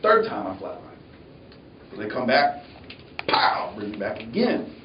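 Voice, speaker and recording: Male speaker, animated storyteller, heard from afar in a reverberant lecture hall, lo-fi. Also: medium pitch, slow pace, a little hiss or hum. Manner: animated, acts out voices. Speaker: motivational speaker. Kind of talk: motivational storytelling speech. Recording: echoey, distant, dull hall recording.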